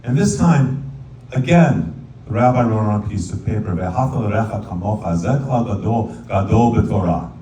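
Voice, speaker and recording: A man with a low, mellow voice tells a folk tale as a sermon, animated and playful. He sometimes slips into singing a verse. He is heard from a distance in a reverberant sanctuary, with faint room noise behind him. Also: normal speed. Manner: animated storyteller, sings Hebrew verses. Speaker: rabbi. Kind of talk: storytelling sermon. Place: synagogue sanctuary.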